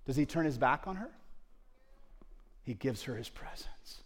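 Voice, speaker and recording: Animated man preaching a sermon. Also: on the high side, brisk, big-room sound. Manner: animated storytelling that acts out quoted dialogue.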